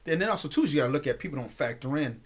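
A man's voice: on the high side, animated, racing, husky. A man who works as a private chef, talking casually in an interview and rambling and repeating himself as he explains his work.

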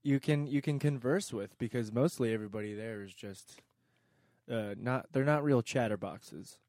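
A man's voice: medium pitch, moderate pace, a little mellow, dry recording, clean studio sound. Teasing man interviewing his grandmother. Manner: teasing, joking prompts. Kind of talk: casual chat.

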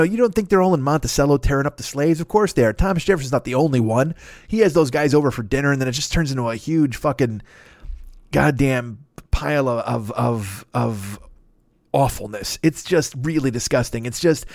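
A man's voice: mid-range voice, darkish tone, dry recording, studio quality. A man in his fifties, a podcast host, delivering a profane, rambling comedic rant that keeps interrupting itself. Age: 50s.

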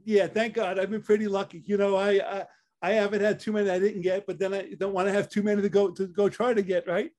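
A man's voice: high-pitched, flat delivery, fast, a little mellow. An older man with a New York accent, from Staten Island, telling stories from his career as an interview guest and often repeating words. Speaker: interview guest, athletic trainer. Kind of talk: casual storytelling interview.

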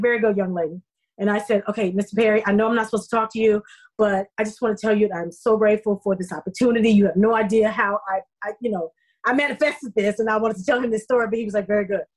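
Middle-aged woman guest, kinda high voice, super animated storyteller, acts out all the dialogue. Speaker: actress guest. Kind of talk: podcast interview storytelling.

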